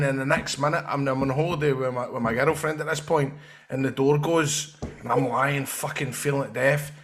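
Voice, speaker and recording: Bright-voiced sweary Scottish man. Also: mid-range voice, steady tone, moderate pace. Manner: sweary, rambling anecdotes. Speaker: podcast guest. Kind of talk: casual storytelling chat.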